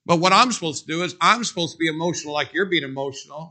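A middle-aged male preacher delivers an emphatic sermon from the pulpit of a church. His voice is bright, piercing and forceful, and it sits slightly higher than most men's. He hammers his points home with repeated phrases and dramatic pauses. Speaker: pastor. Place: church sanctuary.

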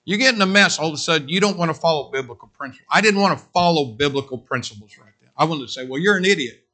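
A man preaching a sermon, telling a story in an animated way and speaking straight to his congregation. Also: fairly high pitch, rapid-fire. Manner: animated, addresses the congregation directly.

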